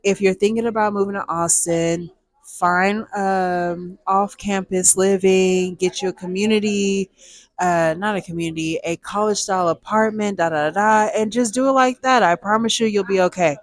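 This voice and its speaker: A woman quoting her mother in a soft, reassuring voice. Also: medium pitch, fairly even intonation, moderate pace, lightly acted. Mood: gentle. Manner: gentle, soft-spoken, reassuring. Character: soothing, caring mother speaking softly to her daughter.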